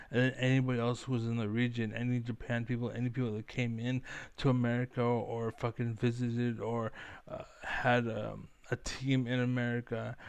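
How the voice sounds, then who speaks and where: A man's voice: mid-range voice, no echo. A young man ranting on camera in a rambling, profane, fired-up way. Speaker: online commentator.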